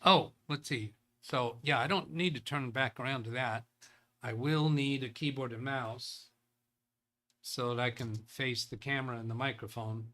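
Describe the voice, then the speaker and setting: A man's voice: medium pitch, moderate pace, fairly bright tone. A man hosting a live tech show, reading viewer chat and thinking aloud in a loose, rambling way. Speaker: tech livestream host.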